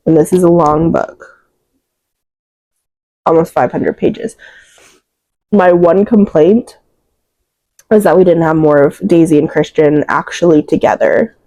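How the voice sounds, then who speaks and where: A young woman with a lowish, mellow voice chats casually about books she read, emotional and rambling, full of fillers and close to tears. The recording is rough with no room sound.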